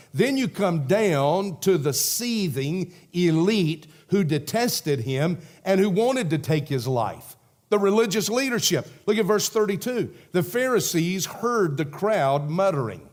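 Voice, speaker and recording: A man's voice: fairly high pitch, darkish tone. A middle-aged male pastor preaching a sermon in a conversational way, acting out the voices of people in the story.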